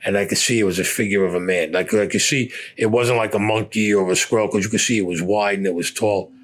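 A man's voice: lowish voice, steady tone, fast talker. An older man, a war veteran, recounting his combat memories in a blunt, profane storytelling way.

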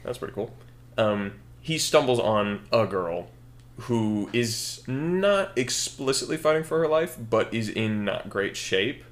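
A young man co-hosting a podcast, thinking a story out loud in casual chat with lots of fillers and self-corrections. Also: medium pitch, expressive, unhurried. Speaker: podcast co-host.

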